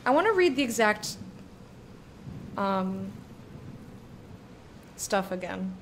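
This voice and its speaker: A woman streaming a video game and chatting casually with her viewers, talking in a drawn-out way that lingers on words. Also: medium pitch, sing-song, slight background noise.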